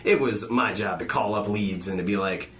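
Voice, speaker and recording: Low-voiced young man chatting loosely. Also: normal speed, reverberant, crowd noise. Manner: rambling, laughs often, many restarts. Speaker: podcast co-host. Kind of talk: casual chat.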